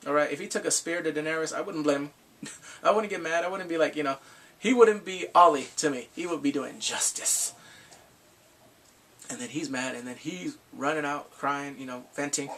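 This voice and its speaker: A young man chats through a TV episode in an animated, excitable way, now and then acting out the characters loudly. His voice sits a little high, with a bright, forceful edge, a husky grain and a gravelly rasp. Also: normal speed. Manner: animated, acts out scenes with shouted exclamations. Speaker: TV show reviewer. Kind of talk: casual recap.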